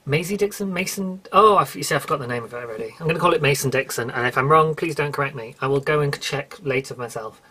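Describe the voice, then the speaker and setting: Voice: medium pitch, quick pace, hardly any pauses, pushed and bright. A podcast host with a British accent, chatting alone in a rambling way, correcting and apologising as they go. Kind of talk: casual solo podcast chat.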